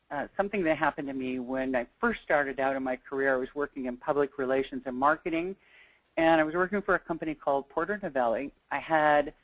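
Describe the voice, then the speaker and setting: A woman's voice: deep voice, dry recording, poor audio. A woman presenting a negotiation skills webinar, talking in a conversational, earnest way and weaving in personal stories. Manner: conversational and earnest, thinking aloud.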